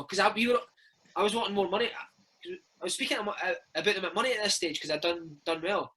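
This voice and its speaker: A man's voice: fairly high pitch, fast, bright, forceful tone, husky, low-quality recording. A Scottish man in his thirties, a former footballer telling stories in a casual interview, peppering his talk with "mate" and "man". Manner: chatty storyteller, peppers speech with "mate" and "man".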